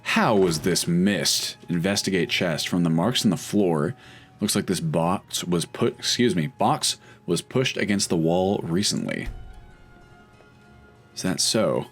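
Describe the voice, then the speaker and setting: A man's voice: sits low, expressive, a little slow, soft background music. A man casually commenting while playing a video game, chatty and wry, thinking aloud as he goes. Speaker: let's play host.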